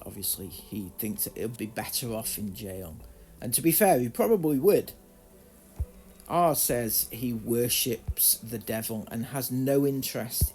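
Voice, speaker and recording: A man's voice: mid-range voice, a little mellow. A man reading journal excerpts aloud and breaking in with sarcastic, indignant commentary in a true crime video.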